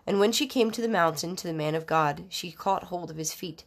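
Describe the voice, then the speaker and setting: A woman reading Bible passages aloud in a measured, formal manner, with occasional slips and restarts. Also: lowish voice. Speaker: scripture reader.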